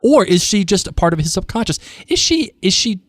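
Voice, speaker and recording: A man's voice: high voice, big pitch swings, a little fast, a bit bright, dry recording, clean studio sound. A man co-hosting a podcast about a TV show, chatting casually, laughing often and reading listener comments aloud. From Rhode Island. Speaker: podcast co-host. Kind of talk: casual chat.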